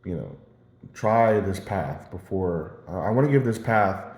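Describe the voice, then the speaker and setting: A man rambling through personal stories in a casual monologue, halting and repeating words as he restarts his sentences. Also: low voice, darkish tone. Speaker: vlogger. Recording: roomy echo.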